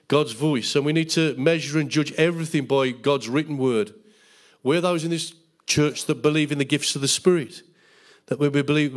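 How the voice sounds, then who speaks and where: A middle-aged man preaching a Bible school sermon as pastor, fervent, with tag questions and jokes. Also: on the high side.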